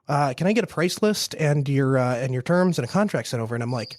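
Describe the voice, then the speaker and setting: Man, 30s, business owner. Quick, rambling storyteller with lots of restarts. Dry, close sound. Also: mid-range voice, lively intonation, dry recording. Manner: fast, rambling, many restarts and repeats. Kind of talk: casual podcast storytelling.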